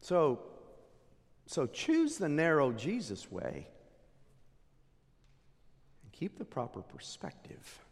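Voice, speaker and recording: Male pastor delivering a dramatic sermon, high-pitched and wildly swinging between loud declarations and hushed asides, long hall reverb. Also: huge pitch swings, slow, pauses often, breathy edge.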